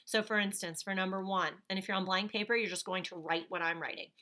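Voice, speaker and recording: A woman's voice: mid-range voice, steady tone, quick pace, sharp tone. A woman teacher giving a phonics lesson to young children, patiently sounding out words.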